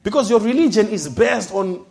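A man preaching a sermon, emphatic, rising to loud declarations and dropping to soft low asides. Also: expressive, moderate pace, gravelly.

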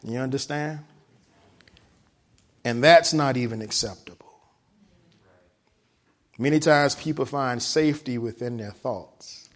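Preacher guy going through a text, slow and steady, keeps asking "right?", gets quiet then loud. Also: medium pitch. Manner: reads a quoted text and explains it, asking "right?" often; swings from hushed to loud, drawing out key words. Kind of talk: sermon.

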